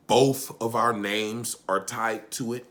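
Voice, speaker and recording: A man's voice: medium pitch, fairly even intonation, slow pace, a bit bright. A man reviewing a TV episode in casual recap chat, joking and swearing, with asides to his wife. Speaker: TV show reviewer.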